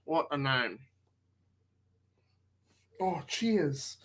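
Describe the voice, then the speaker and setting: Giggly, bright-voiced New Zealand man. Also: on the high side, lively intonation. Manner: giggly, slow quips, frequent laughter. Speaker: co-watcher. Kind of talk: casual joking banter.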